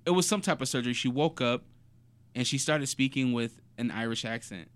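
A man's voice: medium pitch, fairly quick, a bit bright, smooth. A man co-hosting a podcast in casual, playful chat, jumping into silly put-on accents now and then. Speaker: podcast co-host.

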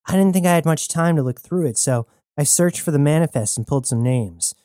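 A man's voice: on the high side, warm tone, no room sound, clean studio sound, voice pushed up, close to an everyday voice. A man voicing a nervous young male rebel who talks anxiously and in a rush. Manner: anxious, stammering, rushed.

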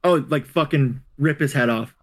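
A man speaking as a guest on a casual podcast, blunt and quick to swear. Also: a little high. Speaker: podcast guest, tabletop player.

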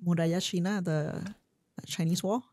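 A woman's voice: fairly low pitch, fairly even intonation, moderate pace, mellow, slight background noise. A young adult woman co-hosting a podcast, chatting casually, laughing often and agreeing. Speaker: podcast co-host. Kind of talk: casual chat.

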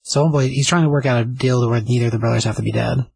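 Male co-host, gravelly and raspy, steady lore explainer. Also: medium pitch, racing. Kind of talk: casual chat explaining comic lore.

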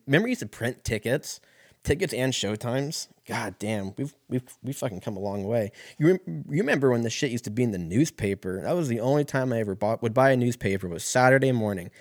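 A man's voice: fairly low pitch, dry recording, clean studio sound. A man in his thirties telling a casual, rambling, profane story as a podcast host.

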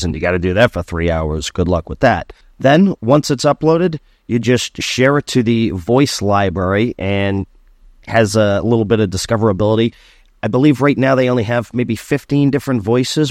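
A man talks through his solo podcast in a casual, animated way. He slides easily into sarcastic ranting, at an ordinary mid pitch. The recording is dry and close, with no room sound. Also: dry recording. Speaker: podcast host.

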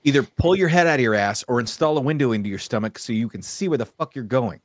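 A man co-hosting a podcast in casual chat, blunt and profane, speaking with animated emphasis. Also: medium pitch, fast talker, no room sound, studio quality. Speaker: podcast co-host.

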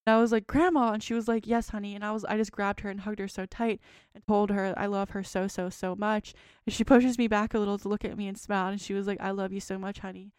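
Smooth-voiced woman in her twenties. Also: mid-range voice, level tone, fast talker, few pauses, a little mellow, no room sound, studio quality. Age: 20s. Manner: rambling, frequent "like" fillers. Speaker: podcast co-host. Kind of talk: casual chat, reading a dream journal.

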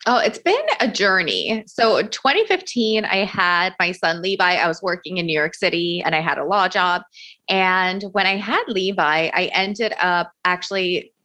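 A woman in her thirties from Miami, a business coach being interviewed, chatty and quick to laugh. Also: on the low side, animated, bright, forceful tone. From Miami, United States. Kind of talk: casual interview.

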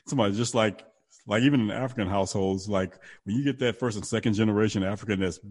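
Low-voiced man rambling in casual chat. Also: fast talker. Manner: rambling, laughs often, restarts sentences.

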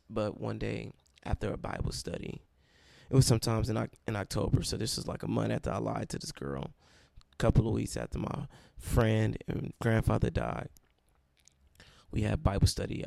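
A man's voice: on the low side, gravelly, a little mellow, dry recording. A young man who leads a college Bible study, telling his own story with emotion and close to tears. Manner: emotional and self-described dramatic, near tears. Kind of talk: personal testimony storytelling.

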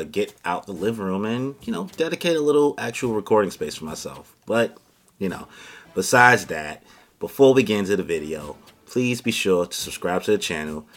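A man hosting a casual comic chapter review from his home recording room, talking in a slangy, excitable way with sudden exclamations. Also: fairly low pitch. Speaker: manga chapter reviewer, channel host. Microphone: camera setup at home.

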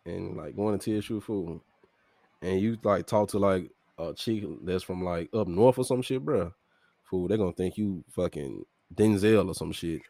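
A man's voice: sits low, normal speed, gravelly, warm tone, dry recording. A man from Memphis with a Southern accent, a podcast guest talking emphatically and profanely in casual chat. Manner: emphatic, profane, calls people fool and bro.

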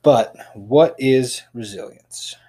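A man hosting a casual podcast, speaking haltingly with many restarts. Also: mid-range voice, warm tone. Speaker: podcast host.

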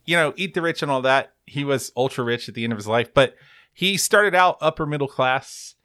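A man's voice: medium pitch, animated, a little fast, pushed and bright, no room sound, studio quality. Chatty man in casual sports talk. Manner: chatty, wry, many self-corrections. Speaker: podcast co-host.

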